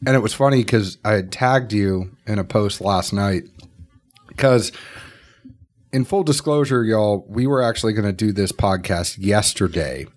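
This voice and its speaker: A man's voice: on the low side, a little slow. A man hosting a podcast, telling stories in a casual, joking way. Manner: storytelling, jokey. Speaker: podcast host. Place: distillery office.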